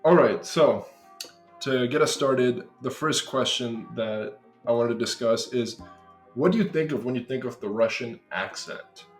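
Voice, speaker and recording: An American man hosting a relaxed conversation, laughing often as he talks. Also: medium pitch, a little slow, echoey room, soft background music. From USA. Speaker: host. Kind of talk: casual chat.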